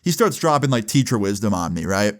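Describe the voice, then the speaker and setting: A man telling a personal story in a casual vlog, animated and profane, with sudden jumps in pitch. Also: a little fast. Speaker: storyteller vlogger.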